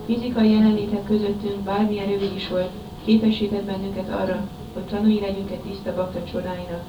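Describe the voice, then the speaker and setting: A woman reads a devotional homage aloud in a flat, quick manner. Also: medium pitch. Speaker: reader of a translated homage. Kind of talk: reading a devotional offering aloud. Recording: dull, echoey, distant recording with clear background noise.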